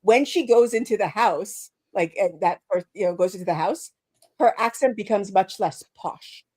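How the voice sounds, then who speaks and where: A woman co-hosting a live stream in casual chat, excitable and quick to jump into high exclamations. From born on a British island. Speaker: co-host.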